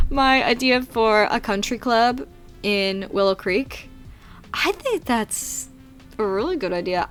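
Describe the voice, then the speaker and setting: A woman's voice: fairly high pitch, a bit bright. A young woman, chatting and rambling in a casual voice-over about her game build, giggly and self-deprecating. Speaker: YouTuber narrating a game build.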